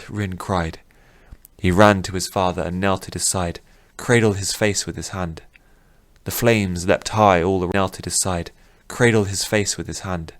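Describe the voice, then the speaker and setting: A man narrating a fantasy audiobook in a measured, even manner. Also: low-pitched, no echo.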